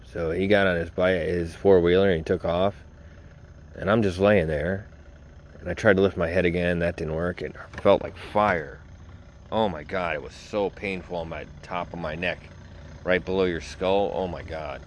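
A man's voice: low-pitched, fairly even intonation, normal speed, slight background noise. A man hosting a podcast, telling a personal story in a casual, rambling, informal way and addressing his listeners directly. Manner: rambling, informal, swears, talks straight to listeners. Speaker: podcast host.

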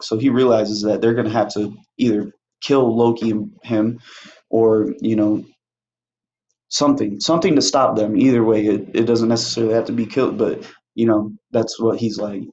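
A man's voice: lowish voice, fairly even intonation, normal speed, darkish tone, a little hiss or hum. A young man casually retelling a movie plot on his podcast, rambling, swearing freely and acting out the characters' lines. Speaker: podcast host. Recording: muffled, roomy home recording.

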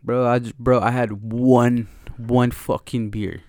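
A man's voice: medium pitch, level tone, slow pace, a little mellow, no echo, studio quality. A man co-hosting a podcast, talking in a laid-back, slangy, joking way. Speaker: podcast co-host. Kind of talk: casual chat.

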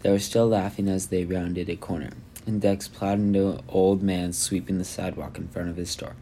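A man's voice: sits low, flat delivery, normal speed, mellow, slight background noise. A man reading a novel chapter aloud, stumbling and restarting lines and adding his own asides. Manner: reads with frequent slips and restarts, adds asides. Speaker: audiobook reader. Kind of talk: amateur audiobook reading.

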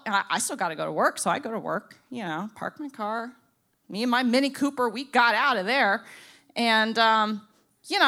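A young woman from Florida telling a comic story, acting out the people in it and swinging from loud to hushed. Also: on the high side. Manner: animated, acts out voices, swings from loud to hushed.

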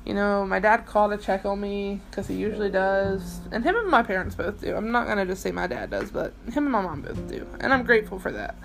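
A woman's voice: medium pitch, a little fast, vocal fry, few pauses, music in the background, low-quality recording. Rambling woman in a late-night podcast monologue. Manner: rambling, emotional, lots of fillers and restarts; swears casually. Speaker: podcast host.

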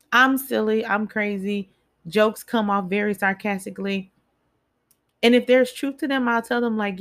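A woman's voice: medium pitch, normal speed, fairly bright tone. A woman giving a casual motivational talk, chatty and speaking straight to her listeners, repeating phrases for emphasis.

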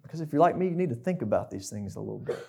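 A man's voice: medium pitch, lively intonation, very fast, creaky, mellow, slight background noise. A young man preaching a conversational sermon, asking the listeners questions.

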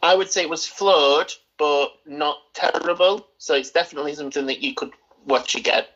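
On a casual film review podcast with dull lo-fi audio, a male co-host talks fairly quickly in a slightly high, fairly bright voice. He's rambling and opinionated, with lots of hesitations.

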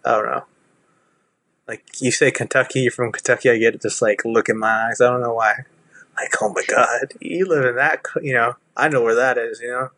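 A man's voice: medium pitch, level tone, a little fast, bright, forceful tone, dry recording. A man from Texas with a Southern accent, chatting casually, rambling with lots of restarts and fillers. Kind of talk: casual chat.

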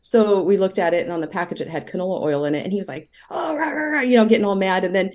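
A woman guest on an interview show speaks in a low, mellow voice. She talks at length and tells stories in a relaxed, conversational flow. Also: racing. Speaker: holistic practitioner guest.

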